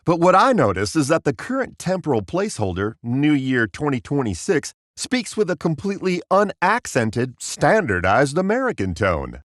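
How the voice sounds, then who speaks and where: A man hosting a comedy interview show with a wry, deadpan manner. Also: a little high, moderate pace, few pauses, dry recording, studio quality. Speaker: talk show host.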